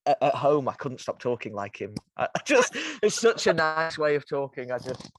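A man's voice: mid-range voice, sing-song, normal speed, fairly bright tone, no room sound. A man hosting a podcast, chatting casually, laughing often and tripping over his restarts. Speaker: podcast host.

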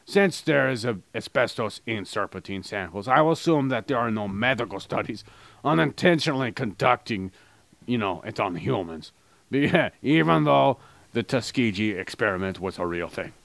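A man's voice: lowish voice, expressive, moderate pace, vocal fry, a bit bright, no room sound. A man co-hosting a crude comedy podcast, rambling and joking, sometimes slipping into a mock advertiser voice. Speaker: podcast co-host.

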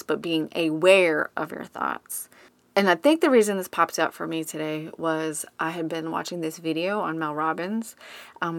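A woman's voice: low voice, a bit bright, no room sound. A woman hosting her own podcast, talking candidly in a casual solo monologue and swearing now and then. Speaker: podcast host. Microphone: studio microphone.

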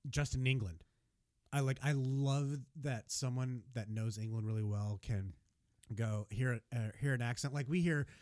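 A man's voice: medium pitch, moderate pace, a little mellow, no echo. An American man co-hosting a podcast in casual chat, rambling with lots of restarts and self-corrections. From United States. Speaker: podcast co-host.

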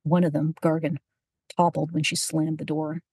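A woman narrating a story in an even, unhurried storytelling manner. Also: deep voice, breathy edge, dry recording, clean studio sound. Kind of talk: audiobook narration.

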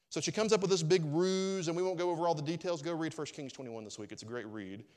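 A pastor preaching a sermon in a conversational, joking way, full of rhetorical questions to the congregation. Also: male voice, fairly high pitch, fast talker, few pauses, darkish tone.

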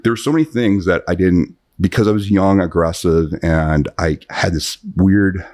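A man in his fifties, a guest in a podcast interview, telling long animated anecdotes with many restarts. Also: low-pitched, normal speed. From United States. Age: 50s. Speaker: guest, self-defense author.

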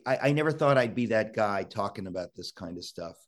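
A man's voice: on the low side, animated, brisk. A male talk show host urgently exhorting his listeners, often restarting words in a rush.

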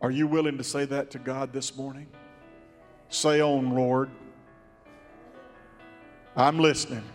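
A man preaching a sermon as pastor in a church sanctuary, with a slow cadence that now and then breaks into song. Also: mid-range voice, flat delivery, long reverb tail, soft background music.

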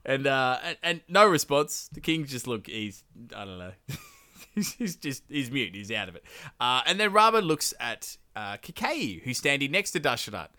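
A man's voice: sing-song, normal speed, pushed and bright. A man, casually retelling an old epic as a podcast host, swearing and laughing. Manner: sweary, laughing, bursts into high silly character voices. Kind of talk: casual comedic storytelling.

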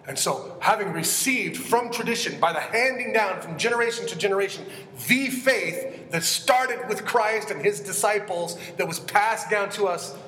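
A man's voice: high voice, fairly bright tone, slight background noise. A man preaching an expository sermon as a pastor, earnest and emphatic, often asking his listeners questions. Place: church sanctuary. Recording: echoey hall with long reverb.

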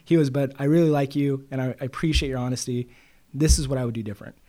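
A man's voice: medium pitch, steady tone, quick pace, warm tone. A middle-aged man, a loan broker, telling stories in a casual interview and quoting others with "he goes.".

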